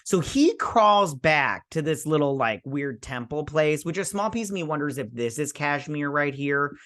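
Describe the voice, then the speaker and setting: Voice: medium pitch, animated, moderate pace, a bit bright. A host giving a casual, sarcastic recap and review of a TV episode, rambling with many fillers.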